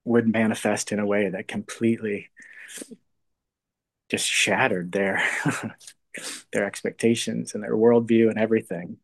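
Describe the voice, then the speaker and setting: A man's voice: on the low side, little pitch movement. A man giving a casual, thoughtful talk on faith, searching for words and often dropping to a near whisper. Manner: thoughtful, halting, often trails to a soft hush. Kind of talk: casual spoken reflection on faith.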